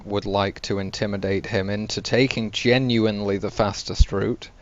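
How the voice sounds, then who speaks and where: A man's voice: fairly low pitch, steady tone, normal speed, no room sound. A man playing in a tabletop role-play session, describing his character's actions with hesitant fillers. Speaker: player. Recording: dull lo-fi voice chat with faint hiss.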